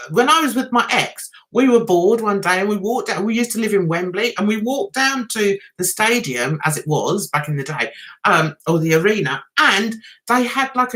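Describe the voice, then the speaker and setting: Hosting a casual livestream, a woman with a London accent chats and rambles with her viewers, laughing and breaking into bits of songs. Her voice is a little high and a bit bright.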